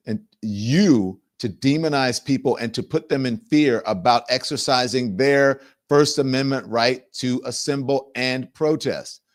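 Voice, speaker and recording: A man hosting a live commentary show, conversational and emphatic. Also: lowish voice. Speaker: show host.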